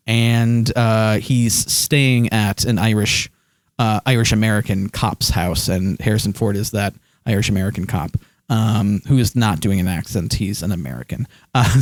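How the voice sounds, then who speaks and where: A man with a lowish, slightly mellow voice is on a live stream, sitting near his desk mic in a dry recording. He rambles casually about his movie collection, packed with fillers and false starts, and reads the chat out loud.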